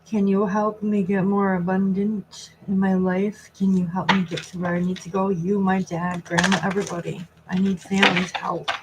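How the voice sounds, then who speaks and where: A woman tarot reader on a live stream, talking softly and reflectively as she passes on messages from a spirit. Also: medium pitch, little pitch movement, moderate pace. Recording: noisy recording with clicks.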